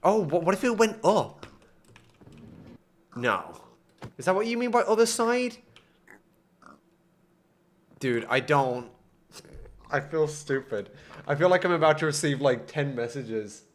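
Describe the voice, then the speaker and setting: An excitable young man talks through his gameplay on a live stream. His voice sits a little high and jumps all over the place, from muttering to loud outbursts. He pokes fun at himself as he works things out. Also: measured pace, pauses often. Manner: excitable, self-mocking, swings between frustration and laughter. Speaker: gaming streamer.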